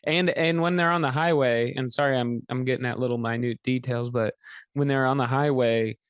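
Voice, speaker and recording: A man's voice: medium pitch, steady tone, fairly quick, smooth, dry recording. A man in his thirties co-hosting a casual film podcast, blunt and crude, cutting in with teasing jabs. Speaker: podcast co-host. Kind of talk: casual film-review chat.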